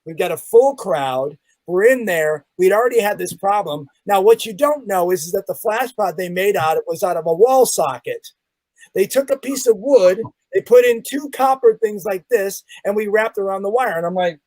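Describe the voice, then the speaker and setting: A magician guest tells a story in a casual chat, his voice sitting high and moving at a moderate pace. He's animated, acting out the sounds and quoting the people involved. The recording is low quality but has no echo.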